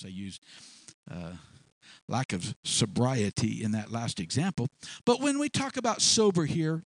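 A man's voice: a little high, no room sound, low-quality recording. A man preaching a sermon, repeating words often and acting out both sides of imagined conversations. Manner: repeats words, acts out dialogue in quoted voices.

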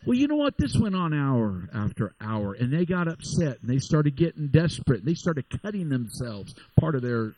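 A man preaching with animated storytelling energy, stumbling over restarts as he builds. His voice sits fairly high for a man, and the sound is dry and close. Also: moderate pace, few pauses, dry recording, rough recording. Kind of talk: sermon.

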